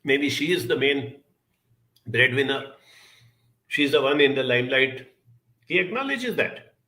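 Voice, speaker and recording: A man giving a reflective self-help talk, telling a childhood story in an unhurried way and acting out the people he quotes. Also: medium pitch, poor audio. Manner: storytelling, quoting others in lively voices; unhurried, spoken as if to listeners.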